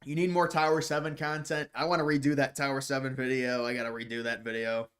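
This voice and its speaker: Fast-talking and level in tone, this livestream host has a mid-range, somewhat bright voice. He fields viewer questions in casual chat, rambling, repeating words as sentences begin, and throwing in mocking, scornful asides.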